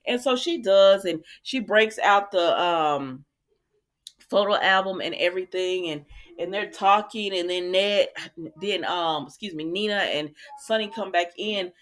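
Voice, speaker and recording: A woman's voice: medium pitch, a little slow. A woman recapping a soap opera episode in casual chat, quoting the characters and adding her own asides to viewers. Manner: chatty, talks straight to viewers, quotes characters, adds her own asides.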